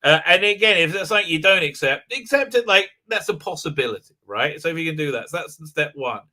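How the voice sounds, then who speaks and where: A man's voice: on the high side, lively intonation, fast, bright, forceful tone. A man hosting a casual live stream, talking in a rambling way with many fillers, restarts and frequent laughs. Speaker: livestream host.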